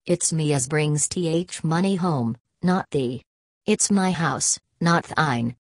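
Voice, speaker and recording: A woman voicing a drunken, brutish male coal miner who shouts in broad dialect. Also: fairly high pitch, takes it slowly, no room sound, studio quality. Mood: angry. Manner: gruff dialect speech, shouting.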